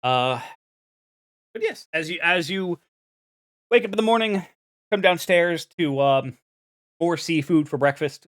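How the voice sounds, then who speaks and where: A man's voice: on the high side, a little slow, pauses often, fairly bright tone, dry recording, clean studio sound. A young man narrating as game master, rambling with fillers and restarts.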